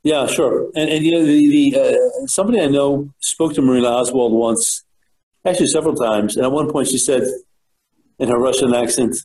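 A man's voice: mid-range voice, brisk, dark tone, low-quality recording. A man hosting an interview, chatting casually with his guest and plugging the guest's book. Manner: casual, chatty, wraps up with plugs. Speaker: host. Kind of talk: interview conversation.

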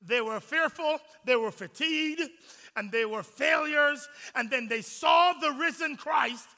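A man preaching an Easter sermon to his congregation, swinging from hushed whispers to shouts and acting out the voices of the people in his story. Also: very high-pitched, measured pace, in a large hall. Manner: acts out quoted voices of disciples and Jesus. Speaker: pastor.

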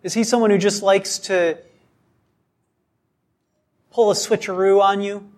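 A man preaching a sermon, speaking deliberately with frequent rhetorical questions and acted-out quotes. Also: high voice, fairly even intonation.

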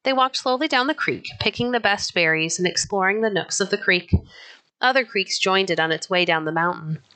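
A woman narrating a children's novel chapter aloud in an even, unhurried storytelling manner. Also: mid-range voice. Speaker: audiobook narrator.

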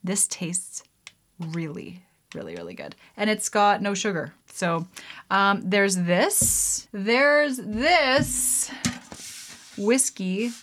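Woman, mid-pitched voice, giggly, rambling, self-deprecating, casual home vlog chat. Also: fairly bright tone. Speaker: home cocktail vlogger.

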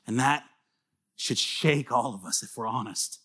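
Guy pastor preaching, mid-pitched voice, earnest and chatty, gets loud then goes soft and close. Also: measured pace, slightly rough. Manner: earnest, conversational preaching with repeated phrases; rises to emphatic bursts, drops to soft confiding tones. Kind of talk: sermon.

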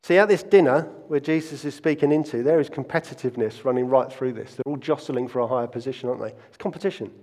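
Preacher in an echoing hall. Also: male voice, mid-range voice, fast talker, hardly any pauses, darkish tone. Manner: earnest storytelling with frequent restarts. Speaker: pastor. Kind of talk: sermon.

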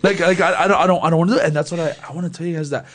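Young male co-host, slightly high voice, rambling faith talk with stammers. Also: steady tone, rapid-fire, fairly bright tone. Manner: rambling, many restarts and stammers. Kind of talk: casual faith chat.

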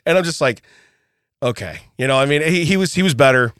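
His voice sits on the high side, smooth and very fast, captured dry with clean studio audio. A middle-aged podcast co-host, he animatedly tells a family story during casual chat, frequently laughing and acting out quotes.

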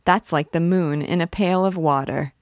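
A woman reading aloud, voicing a boisterous, blustering young male army captain who swears loudly. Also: lowish voice, moderate pace, dry recording, studio quality, close to an everyday voice.

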